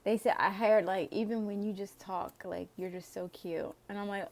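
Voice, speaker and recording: A woman's voice: medium pitch, fairly quick, few pauses, a little mellow, slight background noise. A woman doing a casual tarot reading for viewers. She reads the cards aloud in a chatty way, with sighs and laughs along the way. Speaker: tarot reader.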